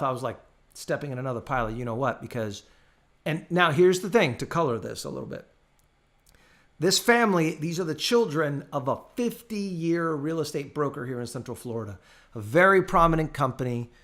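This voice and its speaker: A man running a casual live training class over a video call, telling stories and acting out the people in them. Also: mid-range voice. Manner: animated storytelling, acts out his clients' voices. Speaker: real estate trainer.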